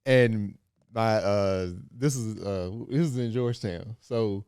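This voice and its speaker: A man's voice: lowish voice, takes it slowly, a little mellow, smooth, dry recording, clean studio sound. Laughing, laid-back man co-hosting a podcast. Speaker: podcast co-host. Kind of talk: casual chat.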